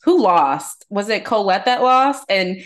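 A woman's voice: medium pitch, expressive, a little slow. A woman co-hosting a podcast, chatting casually, agreeing and laughing along. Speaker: podcast co-host. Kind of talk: casual recap chat.

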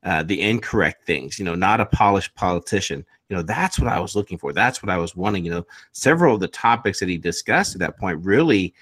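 A man's voice: low-pitched, expressive, a little fast, hardly any pauses, a bit bright, dry recording. A male podcast guest talking earnestly in casual political chat, with frequent verbal fillers. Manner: earnest, lots of "you know" fillers.

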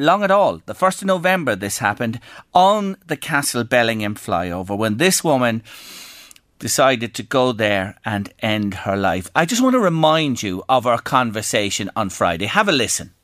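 An Irish man presenting a radio talk show into a studio microphone. He talks in a gentle, earnest manner, his mid-range voice sitting close and dry with no room around it. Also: medium pitch, dry recording.

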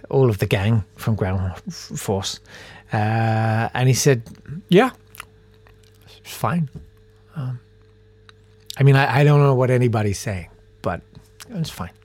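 A man's voice: fairly low pitch, dry recording. A man hosting a podcast, telling a story about himself in a casual way and reading out emails from listeners. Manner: animated, self-deprecating, acts out voices in his anecdotes. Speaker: podcast host.

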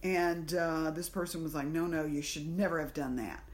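Woman, from the American South, slightly low voice, podcast co-host, casual storytelling, acts out inner voices. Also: steady tone, normal speed.

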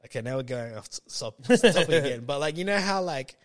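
A podcast co-host with a fairly high, rather bright voice talks a little fast, his intonation lively. He chats casually, rambling along with plenty of fillers and restarts.

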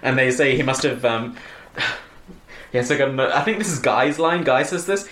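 A woman's voice: a bass voice, expressive, moderate pace, fairly bright tone, reverberant. A woman hosting a podcast, casually recapping a film with many ums and frequent laughs. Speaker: podcast host.

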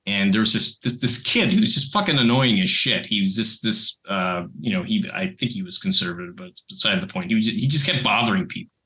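Bright-voiced man telling a story. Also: lowish voice, lively intonation, a little fast, few pauses. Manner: rambling anecdote with restarts and laughter. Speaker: podcast co-host and creator. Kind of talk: casual storytelling chat.

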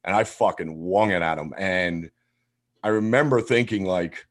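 A man's voice: low-pitched, moderate pace. A man telling a wild story in casual chat, swearing freely and acting out what people said. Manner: animated, swears constantly, acts out quotes.

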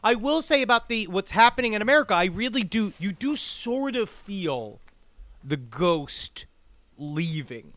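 Podcast guest, male, high bright voice, lively and profane. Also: a little slow, dry recording. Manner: animated, profane storytelling. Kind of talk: casual chat.

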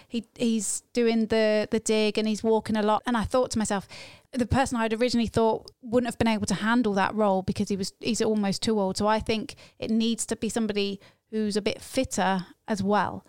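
A woman's voice: a little high, steady tone, brisk, hardly any pauses, clear, resonant tone, no room sound, studio quality. A woman co-hosting a casual film chat, earnestly arguing for her casting choice. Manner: earnest, argues her pick. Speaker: podcast co-host.

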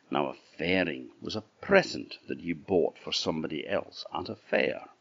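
Deep-voiced orkney man telling a folk tale, slow and expressive, dry dull recording. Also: vocal fry, breathy edge, dry recording. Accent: Orkney Scottish. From Orkney, Scotland. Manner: lively, expressive storyteller. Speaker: storyteller.

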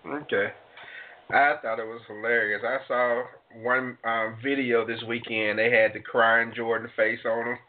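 A man's voice: mid-range voice, little pitch movement, measured pace. A man hosting a casual panel talk, laughing often and prompting his co-hosts with questions. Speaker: host. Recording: phone-like lo-fi audio.

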